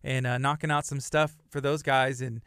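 A man hosting a casual interview, easygoing and quick to laugh. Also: medium pitch, little pitch movement, a bit bright, clear, resonant tone, no room sound, clean studio sound. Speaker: host.

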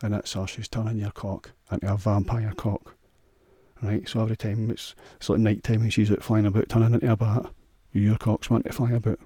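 Husky, rambling Scottish man. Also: on the low side, little pitch movement, a little fast, warm tone, dry recording, studio quality. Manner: rambling, crude, sweary. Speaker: podcast host. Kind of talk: solo podcast monologue.

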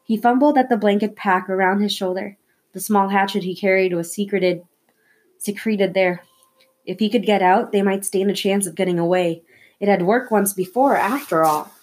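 A woman reading a novel aloud chapter by chapter, in steady, measured narration. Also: medium pitch. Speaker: audiobook reader.

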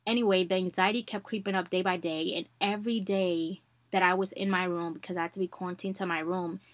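A young woman chats through a personal story on her podcast, animated and warm toward her listeners. Her voice sits a little low. The recording is dry and close, with no room sound. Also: fast, dry recording. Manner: chatty, addresses listeners as y'all, animated retellings. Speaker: podcast host.

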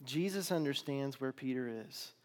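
A man's voice: medium pitch, expressive, normal speed. Male preacher telling a story in a reverberant hall. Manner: dramatic swings from loud to hushed. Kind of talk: sermon storytelling.

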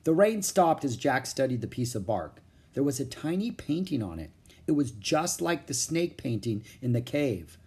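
An audiobook narrator reading a children's book aloud in an expressive storytelling way. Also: mid-range voice, normal speed, breathy edge.

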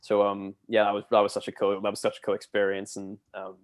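A man in his twenties with a fairly low voice talks fast as a podcast guest. A former theme park cast member, he rambles through casual anecdotes, chatty and animated when telling stories.

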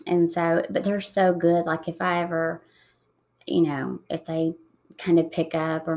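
A woman in her thirties, soft-spoken and reflective, talking slowly with pauses in an emotional interview. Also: lowish voice, level tone. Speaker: guest.

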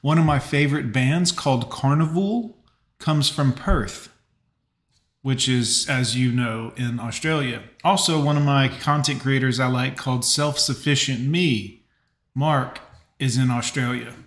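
A man's voice: medium pitch, unhurried, a bit bright. A man hosting a casual live reaction stream, chatting with viewers and giving blunt advice. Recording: roomy echo.

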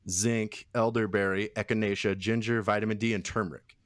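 A man's voice: on the low side, level tone, fairly quick, fairly bright tone. Rambling, swearing young man. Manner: rambling, swears freely, laughs a lot. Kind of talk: casual chat.

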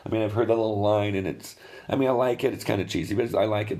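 A man's voice: lowish voice, fairly even intonation, fast talker, a little mellow. A man preaching a sermon in an earnest, conversational way, often restarting his phrases. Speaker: pastor.

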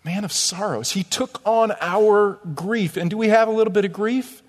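A man pastor preaching a sermon, animated and full of rhetorical questions to his congregation. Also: high-pitched, normal speed, in a large hall. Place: church sanctuary.

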